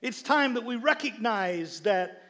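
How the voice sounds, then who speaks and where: A middle-aged male pastor preaching with a high, lively voice that swings up and down as he tells a story. He stumbles and repeats words while he builds up, and now and then acts out his wife's lines. His voice rings out with a long echo through a large church hall. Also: measured pace. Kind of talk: sermon with humorous storytelling.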